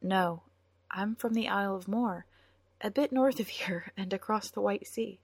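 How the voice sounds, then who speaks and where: A woman voicing a kind young male bard who speaks softly and politely. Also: mid-range voice, measured pace, breathy edge, no room sound. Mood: apologetic. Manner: soft, polite and soothing.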